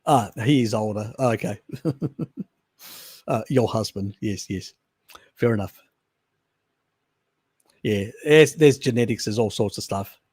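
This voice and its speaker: Slow and pausing often, an Australian man hosts a live stream, loosely chatting and answering viewers' questions with restarts and chuckles. His lowish voice is a little mellow and husky, recorded at studio quality without echo.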